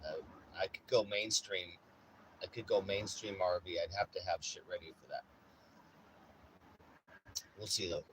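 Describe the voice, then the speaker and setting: A man chatting casually in a vlog from inside his RV, rambling and swearing, getting animated when he acts out stories. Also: low-pitched, a little slow, pauses often, slight background noise, poor audio. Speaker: vlogger. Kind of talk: casual chat.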